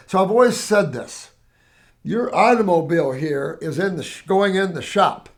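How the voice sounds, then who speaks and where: Animated rambling older man, higher voice. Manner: rambling, animated storytelling with restarts and acted quotes. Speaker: herbal health show host answering questions. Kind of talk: casual Q&A talk.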